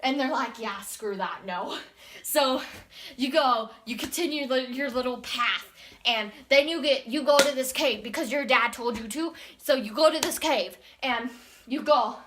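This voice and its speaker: A woman's voice: high voice, normal speed, fairly bright tone, slight background noise. A woman who hosts a gaming channel, rambling casually through a game's story and acting out the characters' lines with many restarts. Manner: rambling, acts out quoted lines, frequent restarts. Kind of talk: casual rambling game recap.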